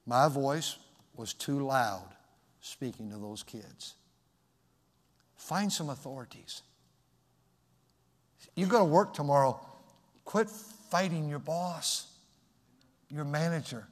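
A man preaching a sermon as a pastor, loud and emphatic, in a plain conversational way. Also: on the high side, takes it slowly, pauses often, in a large hall.

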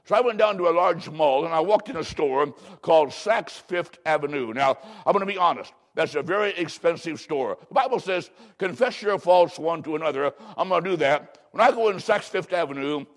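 Man, pastor from Illinois, sermon, slow dramatic emphasis, solemn scripture reading, somewhat high voice. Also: expressive.

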